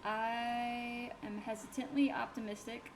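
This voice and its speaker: A young woman giving casual let's-play commentary in a chatty, self-mocking way, swinging quickly between giggles and dismay. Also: fairly high pitch, level tone, background noise. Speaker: gaming YouTuber.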